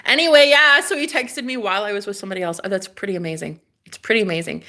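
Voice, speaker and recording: Woman live streamer, bright sharp voice, dramatic, gushing, loud then hushed. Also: medium pitch, expressive, brisk, few pauses. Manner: dramatic, gushing, swings between loud exclamations and hushed asides. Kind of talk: casual live-stream chat.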